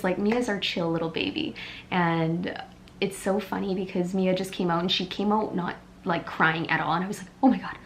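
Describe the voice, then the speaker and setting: A young woman telling a personal story in a casual vlog, chatty and animated, full of "like" fillers. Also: mid-range voice, slight background noise. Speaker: beauty vlogger.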